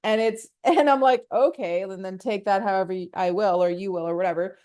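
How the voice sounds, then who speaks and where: A woman hosting a solo podcast, talking casually and rambling, laughing often and acting out quotes with lively ups and downs. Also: mid-range voice, brisk. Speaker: podcast host.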